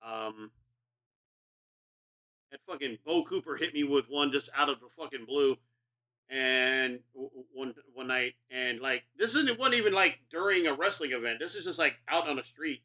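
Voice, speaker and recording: A man's voice: mid-range voice, expressive, moderate pace, sharp tone. A middle-aged man streaming a video game, rambling and profane in casual commentary, self-mocking as he talks.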